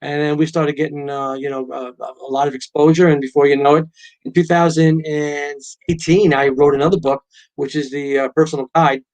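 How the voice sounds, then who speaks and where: A man's voice: a little high, fairly quick. A middle-aged man, a guest author and pilot, telling stories in a casual interview and acting out quotes. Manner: animated storyteller, acts out quotes.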